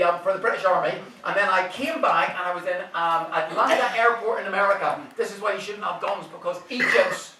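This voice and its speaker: A man's voice: sits high, bright, forceful tone, a little hiss or hum. A man in his fifties with an Irish accent doing a stand-up set, swearing freely and teasing the audience. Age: 50s. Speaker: stand-up comedian. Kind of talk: stand-up set with crowd work. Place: comedy club stage. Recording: roomy club sound from a distant mic. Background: audience laughter.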